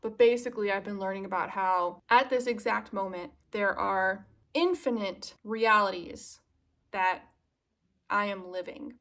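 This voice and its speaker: A woman's voice: medium pitch, measured pace, a bit bright. A young woman vlogger chatting casually to the camera, confiding and self-mocking, drifting into earnest musing.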